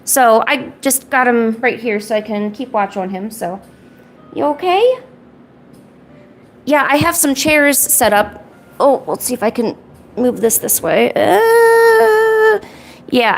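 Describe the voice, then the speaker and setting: A woman live-streaming casually, often cooing to her cats in a high, soft baby-talk voice. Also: animated, a little slow, creaky. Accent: American. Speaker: art streamer.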